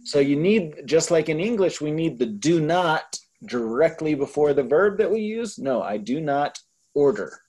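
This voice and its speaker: A man's voice: a little high, sing-song, normal speed, darkish tone, slightly rough. A man tutoring a Spanish class, explaining grammar patiently in a casual way. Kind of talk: online tutoring session.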